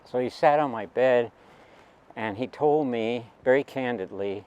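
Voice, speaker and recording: A man's voice: medium pitch, unhurried, darkish tone, smooth. A man in his seventies telling a personal story in a rambling, digressive way, with asides to the listener.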